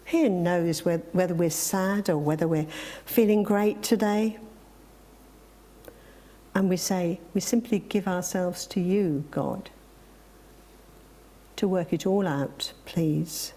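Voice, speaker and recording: A woman preacher reading a reflective story and moving into a sermon, gentle and with emphatic exclamations. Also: lowish voice, slow, long pauses.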